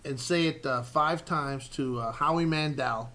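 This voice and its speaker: A man hosting a comedy podcast with a bright, forceful voice pitched a little high. He jokes crudely and keeps steering the talk. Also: measured pace. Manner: joking, crude, steers the chat. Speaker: podcast host. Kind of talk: casual comedy chat.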